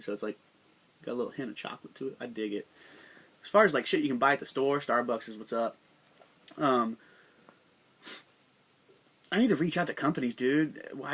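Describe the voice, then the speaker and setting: A man's voice: medium pitch, fairly bright tone. A young American man hosting his own podcast, talking in a profane, rambling, joking monologue full of slang. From United States. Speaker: podcast host.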